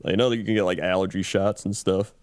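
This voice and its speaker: A man's voice: deep voice, fairly even intonation, quick pace, darkish tone, no echo, clean studio sound. A man co-hosting a podcast in casual chat, laid-back and mumbling. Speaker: podcast co-host.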